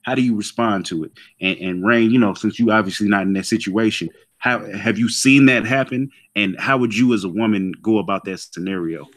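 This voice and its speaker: A man's voice: lowish voice, brisk. A man hosting a casual podcast debate, posing provocative questions. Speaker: podcast host.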